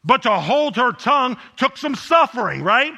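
High, bright-voiced preaching man. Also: big pitch swings, normal speed, gravelly. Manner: conversational preaching, frequent rhetorical questions to the congregation. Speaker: pastor. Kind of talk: sermon.

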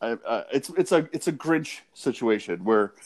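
A man's voice: mid-range voice, expressive, moderate pace, poor audio. A man co-hosting a casual podcast, reflecting on a movie with frequent restarts and fillers. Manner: hesitant, many restarts and "like"s, thoughtful. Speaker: podcast co-host. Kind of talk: casual movie-discussion chat.

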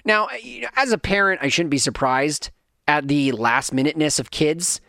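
Brief: chatty dad, thirties, rambling anecdote, lively delivery, dry booth-like sound. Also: male voice, fairly high pitch, moderate pace, no room sound. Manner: animated, rambling, acts out kids' voices. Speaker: parent telling a family story. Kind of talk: casual storytelling monologue.

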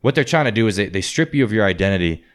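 A man with a lowish voice talks fast and bluntly, swearing freely as he tells stories in a relaxed podcast chat. His delivery is rough, animated and plainspoken. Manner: profane, blunt, animated storytelling. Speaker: podcast host, former Marine. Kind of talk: casual storytelling chat.

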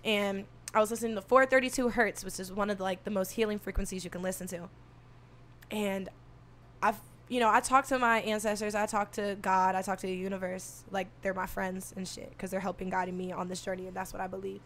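A soft-spoken young woman telling a story in casual talk, animated and profane, acting out what people said. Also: mid-range voice, brisk, a little hiss or hum. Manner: animated, swearing, acts out quotes.

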